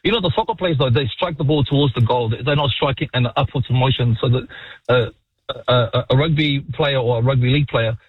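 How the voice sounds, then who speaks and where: A New man calling into a sports radio show, excitable, swearing freely and calling everyone mate. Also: medium pitch, quick pace, slightly rough, no room sound. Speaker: caller. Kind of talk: radio call-in. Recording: muffled phone-in line.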